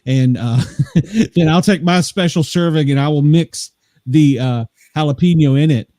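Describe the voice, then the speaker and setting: Brief: man from the US South, warm mellow voice, dry close sound, unhurried and halting. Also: a little high, no room sound. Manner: laid-back, halting with fillers. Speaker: podcast guest. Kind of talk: casual chat.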